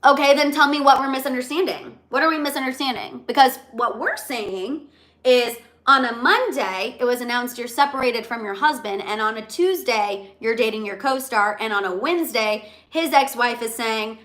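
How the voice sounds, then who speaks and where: A young woman hosting a live celebrity gossip stream, chatty and animated, often repeating herself. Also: a little high, moderate pace. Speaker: livestream host. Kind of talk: excited celebrity gossip livestream.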